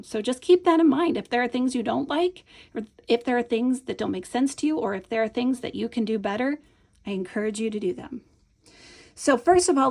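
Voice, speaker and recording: A woman with a slightly high, gravelly voice walks through a classroom reading lesson step by step. She is patient and encouraging, pausing to check that the viewer is following along. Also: darkish tone. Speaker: Montessori teacher. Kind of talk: instructional demonstration.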